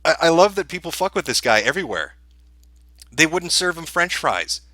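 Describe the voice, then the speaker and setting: A male podcast host sneers his way through profane commentary, amused and crude, mocking as he goes. His voice is fairly high, bright and sharp-edged, very animated, at a moderate pace. The recording is dry and close, with no room sound at all.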